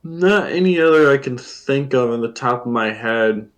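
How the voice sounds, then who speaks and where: A man's voice: medium pitch, moderate pace. A man with an ordinary mid-range voice tells loose, rambling stories on a casual podcast. He fills gaps with "um" and "like" and acts out his own reactions in quotes. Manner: relaxed storytelling with fillers and quoted asides. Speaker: podcast guest.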